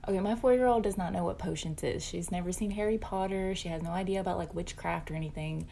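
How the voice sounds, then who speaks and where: A mother telling a casual story, animated, quoting her young child in a raised voice and sometimes whispering. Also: lowish voice, fairly quick, gravelly, a little hiss or hum.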